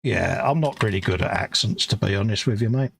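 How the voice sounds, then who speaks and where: A man's voice: lowish voice, brisk, vocal fry, a bit bright, breathy edge. A middle-aged man with a London accent, co-hosting a live hobby stream in easygoing, self-mocking chat. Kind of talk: casual banter.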